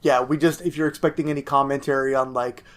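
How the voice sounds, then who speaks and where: A man's voice: mid-range voice, fairly even intonation, quick pace. A man co-hosting a podcast, talking casually and with enthusiasm about a game he is playing for the first time. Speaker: podcast co-host. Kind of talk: casual gaming chat.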